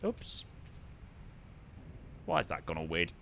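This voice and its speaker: A man's voice: rumbling low, wildly swooping pitch, slow pace, sharp tone, a little hiss or hum. A young man chatting casually on a live flight sim stream, greeting viewers, reading chat aloud and humming to himself.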